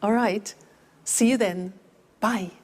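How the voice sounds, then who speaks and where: Slow, careful woman teaching English. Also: medium pitch, a little mellow. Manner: repeats words slowly for pronunciation. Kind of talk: slow, clear language lesson.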